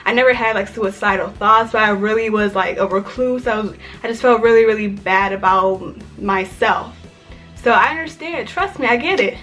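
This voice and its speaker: This young adult woman from Maryland speaks at a medium pitch and moderate pace while recounting a personal story for her vlog. She's talkative and uses "like" constantly, with faint, soft music in the background.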